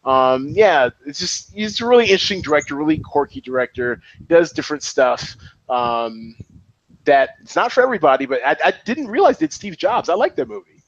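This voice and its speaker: Excitable man chatting about films. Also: fairly high pitch, fairly quick, dry recording, muffled recording. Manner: animated, excitable, many restarts. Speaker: podcast co-host. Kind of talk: casual film chat.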